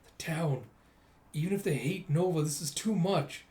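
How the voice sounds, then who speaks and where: Man reading as a determined young female nurse, earnest, slightly high voice, roomy sound. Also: normal speed, warm tone, close to an everyday voice. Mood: upset. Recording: roomy echo.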